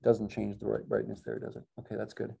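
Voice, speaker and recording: Dark-voiced man lecturing on math. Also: on the low side, very animated, quick pace, creaky, breathy edge. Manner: thinking aloud, self-correcting, wry asides. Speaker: math professor. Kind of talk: classroom lecture.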